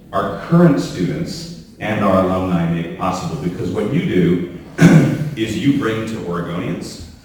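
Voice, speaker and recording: A man with a lowish voice delivers an earnest ceremonial speech, stacking phrases in rhythmic repeated lists. He is heard from a distance in a big, very echoey hall, with faint hiss underneath. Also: darkish tone. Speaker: university leader giving a speech. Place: large hall at a reception.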